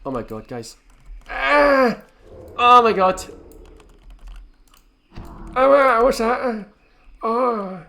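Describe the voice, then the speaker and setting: A man's voice: very high voice, very animated, very slow, vocal fry, pauses often, sharp tone. A man giving rambling, jokey, sweary commentary while playing a game. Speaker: gaming video host.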